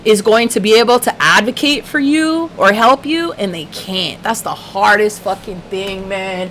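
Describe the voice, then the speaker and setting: A woman's voice: medium pitch, a little slow, hardly any pauses, fairly bright tone, slight background noise, low-quality recording. Swearing, passionate woman livestreamer. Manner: passionate, heavy swearing, laughs often. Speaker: livestream host. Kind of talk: casual livestream chat.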